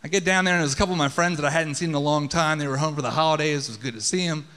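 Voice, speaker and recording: A man with a high voice tells a story live on a theater stage, casual and full of swearing. His voice rings out with the long reverb of the theater hall. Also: very fast, bright, forceful tone. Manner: casual, profane, conversational.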